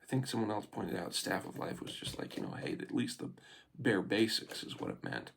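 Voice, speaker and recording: A man's voice: lowish voice, big pitch swings, creaky, background noise. A man reading scripture aloud and then musing over it in casual commentary, with many fillers and restarts. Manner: reads slowly, then muses with fillers and restarts.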